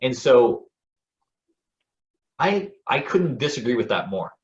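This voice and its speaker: A man talking in a lively, storytelling way as a guest on a motivational interview show, often repeating a word as he starts a phrase. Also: medium pitch, slow pace, lo-fi sound. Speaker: guest speaker and speaking coach.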